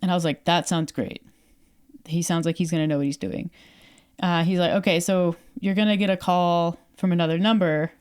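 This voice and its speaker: A young woman from Canada tells a story on a podcast with a slightly low, easygoing voice. She chats casually, acting out both sides of a conversation and leaning on fillers as she goes. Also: brisk, clean tone. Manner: animated storyteller, acts out quoted dialogue, many fillers. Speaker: podcast co-host.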